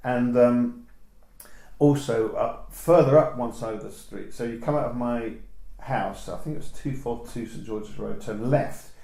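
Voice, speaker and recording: A man's voice: mid-range voice, unhurried, creaky, dark tone, reverberant, rough recording. A man with a southern English accent, a photographer telling meandering stories in a casual interview. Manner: meandering, chatty storytelling.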